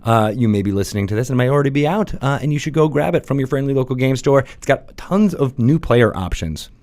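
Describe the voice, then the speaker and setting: A man's voice: medium pitch, animated, a little mellow. Chatty young man hosting a podcast. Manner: chatty, rambling, full of fillers and quick laughs. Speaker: podcast host. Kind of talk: casual studio chat.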